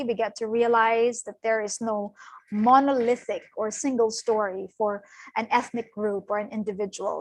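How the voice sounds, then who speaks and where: A woman's voice: on the high side, no echo, rough recording. A middle-aged woman giving an online guest lecture, encouraging and laughing often, speaking over a video call. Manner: warm encouraging, laughs often, fillers like "you know". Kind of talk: online lecture with volunteer readings.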